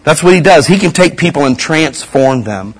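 A man's voice: on the high side, animated, moderate pace, slightly rough. A middle-aged man giving a casual, folksy sermon as a pastor, full of slang and repeated asides.

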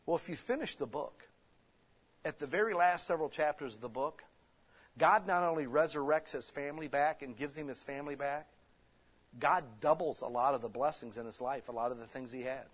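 Male pastor, slightly high voice, animated conversational preaching style. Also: a little fast, husky. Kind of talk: sermon.

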